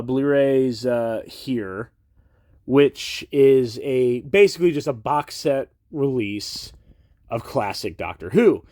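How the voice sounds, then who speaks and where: A man's voice: medium pitch, a little mellow, dry recording, clean studio sound. A man with a cold and a congested, nasal voice, rambling casually and a little hesitantly to the camera indoors. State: has a cold. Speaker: collector vlogger. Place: indoors beside a shelf.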